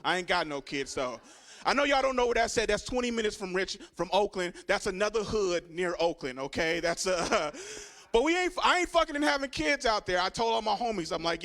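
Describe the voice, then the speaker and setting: A man's voice: sits high, lively intonation, a little fast, fairly bright tone. A young man from Richmond, doing a crude, swaggering stand-up set and talking straight to the crowd. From Richmond, California. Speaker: stand-up comedian. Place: comedy club stage.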